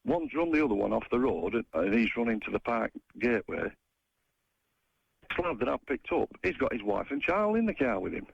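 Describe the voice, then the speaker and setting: A man's voice: mid-range voice, fairly quick, creaky, slightly rough, no echo. An older man, calling in to a radio show and telling a long, rambling story. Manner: rambling, animated retelling. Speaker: caller. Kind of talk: phone-in storytelling. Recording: muffled lo-fi phone line.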